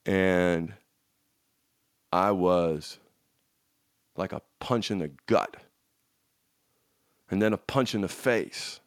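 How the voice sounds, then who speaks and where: A man coaching an audience in a motivational talk, emphatic and repetitive, swinging from loud bursts to hushed lines, with frank, salty language. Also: sits low, very slow, pauses often, no echo, studio quality. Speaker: addiction recovery coach.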